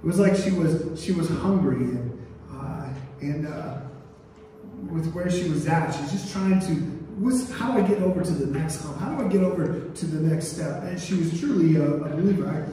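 A man's voice: a little high, normal speed, warm tone. Male pastor, preaching, call-and-response, echoey sanctuary, faint room noise. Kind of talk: sermon. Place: church sanctuary. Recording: roomy church hall, mic at a distance.

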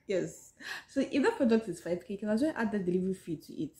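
A woman's voice: mid-range voice, big pitch swings, quick pace, a little mellow, echoey room. A woman with a Nigerian accent chatting casually to her viewers in a book-summary vlog, often saying "so yes" and talking to them directly. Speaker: vlogger.

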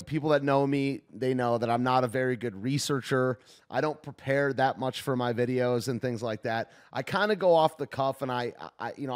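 A man hosting a video, giving tentative, off-the-cuff commentary as he thinks aloud and reacts to a clip. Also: mid-range voice.

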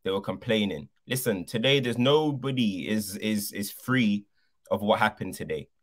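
A man's voice: lowish voice, moderate pace. A man co-hosting a football podcast, arguing passionately and repeating his points for emphasis.

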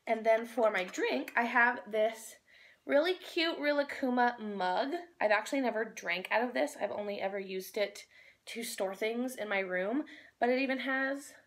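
A young woman vlogging into her phone, chatting in a bubbly, rambling way and talking with her mouth full while she eats. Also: medium pitch. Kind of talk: casual chat while eating.

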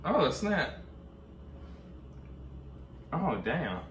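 A man's voice: on the high side, very animated, very slow, a bit bright, a little hiss or hum. A young man chatting casually and joking in a home vlog, slangy and a little nervous, recorded from a distance. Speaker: vlogger. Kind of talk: casual chat. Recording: echoey room, mic at a distance.

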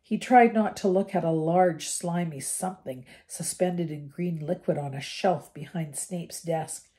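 An older woman reading a children's novel aloud to her grandchildren, expressive, with small slips. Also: fairly low pitch, unhurried. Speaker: storyteller.

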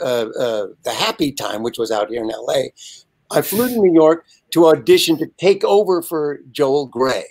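A man in his seventies, a guest telling a lively, animated anecdote over a video call. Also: on the high side. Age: 70s. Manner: lively, animated storyteller with frequent asides. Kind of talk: casual anecdote storytelling.

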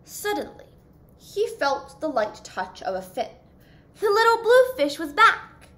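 Young woman, high-pitched, unhurried, sing-song storybook reading. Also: very animated, fairly bright tone. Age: young adult. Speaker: youth volunteer reading aloud. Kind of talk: children's storybook read-aloud.

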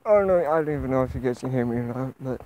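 A man with a rural American accent, vlogging outdoors in the countryside, talking in a subdued, halting way while holding back tears. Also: medium pitch, noisy background. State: tearful. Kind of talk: outdoor personal vlog.

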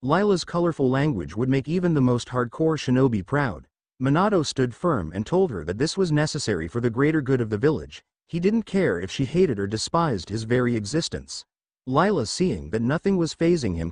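A man's voice: mid-range voice, big pitch swings, normal speed, a little mellow, no echo. A man narrating a fan fiction story in a plain reading manner.

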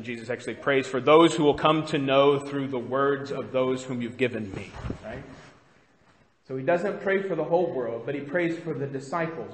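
Bright-voiced male pastor in reverberant church. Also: medium pitch, slight background noise. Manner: conversational, asks the congregation questions. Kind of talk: sermon. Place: church sanctuary.

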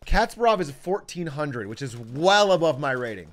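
A man streaming chess games, excitable and self-mocking, swearing often. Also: a little high, moderate pace, over music. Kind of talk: live-stream chess commentary.

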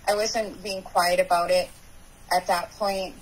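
A woman guest on a recovery podcast, telling her personal story in a halting way, with many pauses and restarts. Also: on the low side, fairly even intonation, low-quality recording.

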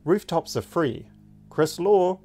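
A man's voice: on the high side, lively intonation, slow, a little mellow, soft background music, voice pushed up. A man voicing a young street messenger boy, polite and ready with a quip. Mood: plucky.

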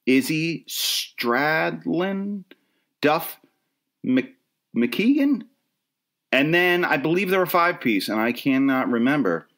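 Here a middle-aged Philadelphia-area man rambles through a relaxed solo episode of his own podcast, poking fun at himself with a wry edge. His voice sits at medium pitch with a fairly bright tone.

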